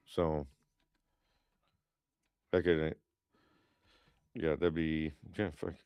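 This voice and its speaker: A man's voice: level tone, drawn-out words, a little mellow, dry recording, clean studio sound. A man co-hosting a podcast, chatting casually and telling rambling stories full of fillers and cursing. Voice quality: smooth low voice. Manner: rambling, profane storytelling with lots of fillers. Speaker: podcast co-host.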